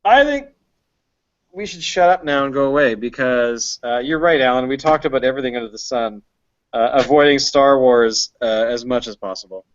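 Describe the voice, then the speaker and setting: A man's voice: medium pitch, fairly even intonation, fairly quick, dry recording, lo-fi sound. A man hosting a casual beer podcast, rambling along with lots of ums and uhs. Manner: rambling with many fillers. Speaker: podcast host. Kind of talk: casual chat.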